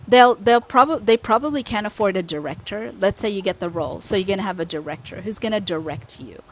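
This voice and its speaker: A woman with a Filipino accent, hosting a podcast in lively, casual chat that mixes Filipino and English. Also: medium pitch, brisk, slight background noise. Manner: animated, code-switching between Filipino and English. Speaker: podcast host.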